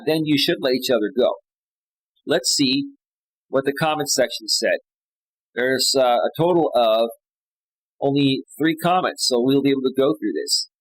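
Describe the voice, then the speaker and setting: A man's voice: on the high side, dry recording, low-quality recording. A man hosting a livestream as a life coach, reading out posts and giving blunt, opinionated advice with many fillers and tag questions.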